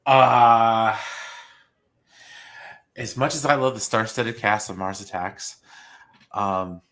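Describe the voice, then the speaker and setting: A man's voice: on the low side, steady tone, slow, pushed and bright. A man on a casual movie panel, offering dry wisecracks with hesitant fillers.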